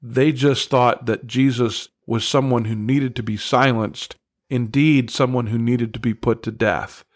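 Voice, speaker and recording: Male Bible teacher, unhurried, earnest, emphatic, dry close sound. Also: medium pitch, steady tone, dry recording. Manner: earnest, emphatic on key words, asks listeners directly.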